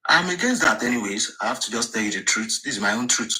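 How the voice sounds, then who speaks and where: A man's voice: mid-range voice, expressive, quick pace, bright, forceful tone, low-quality recording. A man giving his opinion in a live discussion, earnest and emphatic, often repeating words. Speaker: participant in a live audio discussion.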